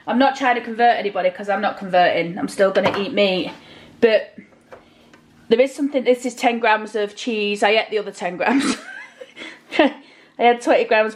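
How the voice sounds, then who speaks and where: A woman's voice: medium pitch, rough recording. A woman chatting to her viewers while she cooks in her home kitchen, casual and talkative. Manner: chatty, addresses viewers directly. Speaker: vlogger. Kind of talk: casual cooking vlog.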